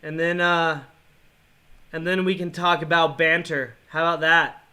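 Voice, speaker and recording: A man's voice: a little high, level tone, measured pace, pushed and bright. Man raging and cursing over a game. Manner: swears and rages in bursts, then mutters apologies; taunts his opponent in a mocking tone. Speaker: gaming vlogger. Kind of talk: live reactions while playing a mobile game.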